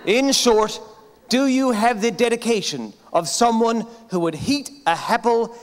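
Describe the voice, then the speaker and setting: Male Newfoundland comic hosting live on stage, high-pitched, chatty, big hall echo. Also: measured pace. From Newfoundland, Canada. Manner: chatty, keeps tagging lines with "right?". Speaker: comedian host of an awards show. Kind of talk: stand-up comedy monologue. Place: large armoury hall at a live event.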